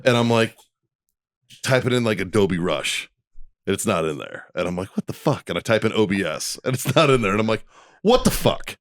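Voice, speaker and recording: A man co-hosting a podcast, telling stories in a casual, profane, animated way. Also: on the low side, fairly quick, no echo, clean studio sound. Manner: profane, animated storyteller, acts out quotes. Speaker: podcast co-host. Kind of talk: casual chat, storytelling.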